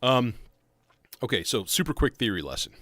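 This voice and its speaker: A man's voice: mid-range voice, very animated, moderate pace, a bit bright, no echo. A man hosting a casual livestream about modular synths, rambling and self-interrupting as he talks. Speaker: livestream host. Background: faint synth music.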